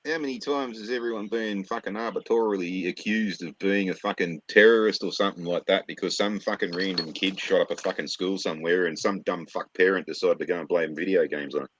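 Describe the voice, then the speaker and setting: A man's voice: deep voice, fairly quick, hardly any pauses, fairly bright tone, husky. A man, co-hosting a casual chat, blunt, crude and mocking. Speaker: podcast co-host. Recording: dull lo-fi dry mic.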